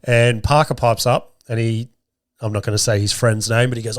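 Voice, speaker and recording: Hoarse, swearing podcast dad. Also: male voice, mid-range voice, little pitch movement, moderate pace, no echo, studio quality. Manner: rambling, profane, self-mocking. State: strained sore throat. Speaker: podcast host. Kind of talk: casual storytelling monologue.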